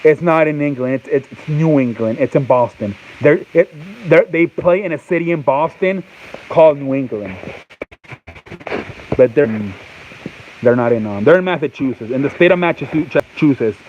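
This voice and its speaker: A man's voice: a little high, normal speed, a little mellow, a little hiss or hum. Rambling man talking sports, muffled. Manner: rambling, repeats himself, restarts often; answers off-mic chat and reads live comments. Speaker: sports talk show host. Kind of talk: casual sports chat.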